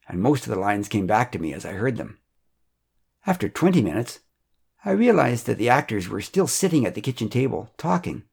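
A man narrating a first-person story from a script in a steady, measured, plainly spoken way. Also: mid-range voice, breathy edge.

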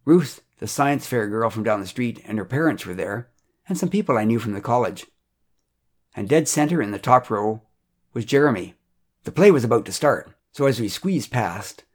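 A man narrating a first-person story from a script in a steady, measured, plainly spoken way. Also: medium pitch, slightly rough.

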